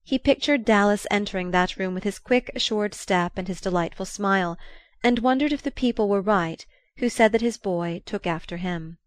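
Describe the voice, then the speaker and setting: A woman narrating a classic novel as an audiobook, in a measured, even, unhurried manner. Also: mid-range voice. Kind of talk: scripted literary narration.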